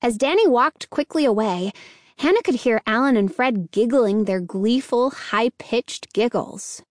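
A woman reading a children's story aloud in slow, measured narration. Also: fairly high pitch, expressive, no echo, clean studio sound.

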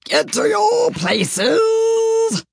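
A woman voicing a furious, shrieking tyrant queen who screams her orders slowly. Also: fairly low pitch, big pitch swings, gravelly, no echo, exaggerated voice. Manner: screaming, slow and drawn out.

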